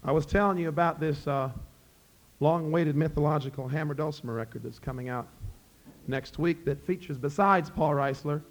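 A middle-aged man with a Southern Appalachian accent, telling a folk tale to a live audience in a folksy, relaxed way. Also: a little high, normal speed. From Scott County, Virginia. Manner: folksy, relaxed, addresses listeners as friends. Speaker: storyteller and musician.

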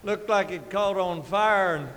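A middle-aged man spins a comic yarn in a drawling, deadpan way. His voice sits a little high. It carries the long reverb of a live hall over faint ambience. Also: measured pace, a little hiss or hum. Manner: drawling, deadpan, with sound effects and chuckles. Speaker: storyteller. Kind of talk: folksy comic storytelling.

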